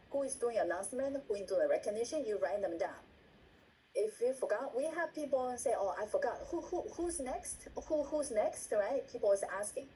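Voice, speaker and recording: Trainer: woman, dark-toned and repetitive, acts out examples, video-call sound with faint hiss. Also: on the high side, low-quality recording. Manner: repeats words, asks "right?" often, acts out example lines. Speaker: meeting trainer. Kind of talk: instructional talk on a video call.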